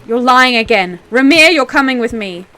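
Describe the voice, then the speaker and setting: A woman's voice: mid-range voice, lively intonation, moderate pace, a bit bright, natural voice. A woman voicing a stern, suspicious female border guard in a game, barking orders and accusations. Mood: accusing.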